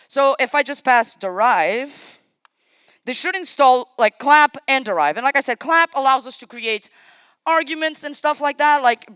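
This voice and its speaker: Lively, smooth-voiced woman live-coding on stage. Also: high voice, no room sound. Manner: chatty, casual, self-deprecating asides; thinks aloud while typing, talks to the audience. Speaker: conference speaker. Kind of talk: live-coding tech talk. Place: conference stage.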